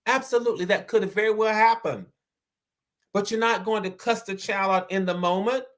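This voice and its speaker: A man's voice: high-pitched, a bit bright. A man from the American South with a Southern accent, hosting a motivational live-stream talk, earnest and repeating his key phrases. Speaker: host.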